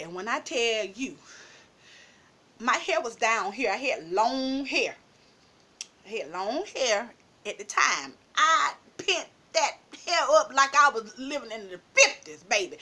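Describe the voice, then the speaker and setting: High, lively woman telling a story. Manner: animated, laughs often, calls listeners "baby". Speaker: storytime vlogger. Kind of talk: casual storytelling.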